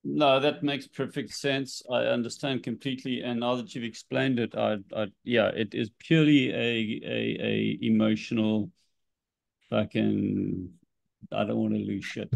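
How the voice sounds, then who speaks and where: Gravelly-voiced male caller. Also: medium pitch, fairly even intonation, no echo. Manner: halting, agreeable, swears. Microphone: video call.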